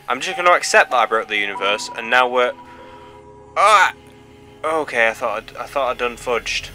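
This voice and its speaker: Excitable young man gaming. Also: mid-range voice. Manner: excitable, yelps and pleads at the game. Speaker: gaming channel host. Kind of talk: let's play commentary.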